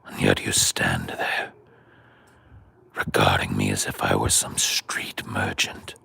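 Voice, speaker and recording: A man voicing a wise ancient male dragon, slow and menacing, in a very deep whispery voice. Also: little pitch movement, vocal fry, sharp tone, slightly rough, heavily acted. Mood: ominous.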